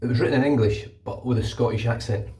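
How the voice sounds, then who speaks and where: This vlogger talks fast in a mellow, mid-range voice, rambling casually and cursing here and there as he shaves. Tap water runs in the echoey bathroom, and the mic sits some distance away.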